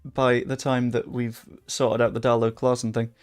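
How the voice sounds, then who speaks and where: A young man talks his way through a game livestream at his desk mic, swearing freely and reacting loudly to each moment. His voice sits in a middle pitch with a rough, gravelly edge. Faint music plays underneath. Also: level tone, normal speed. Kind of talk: casual livestream commentary while playing. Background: faint background music.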